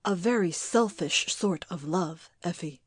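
A woman's voice: measured pace, husky, no room sound, clean studio sound. A woman reading a story and voicing a bitter, resentful grown son who answers in a curt, grim way. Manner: curt, grim, low and clipped.

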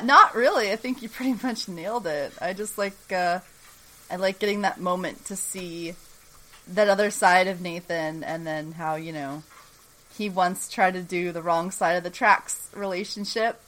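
A woman co-hosting a podcast, sharing her thoughts in casual chat. She sounds relaxed and thoughtful and often gives short reactions. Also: medium pitch, normal speed, low-quality recording. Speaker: podcast co-host.

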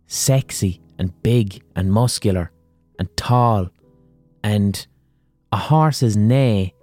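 A man's voice: fairly low pitch, darkish tone. An Irish man hosting a podcast, telling old stories in a chatty monologue full of "like" and swearing. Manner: chatty, profane, frequent "like". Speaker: podcast host. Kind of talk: casual storytelling monologue.

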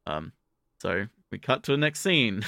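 A man casually recapping an anime plot for a podcast, jumping into quick character voices as he goes. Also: mid-range voice, vocal fry, no echo, clean studio sound. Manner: animated, acts out characters' lines in quick voices.

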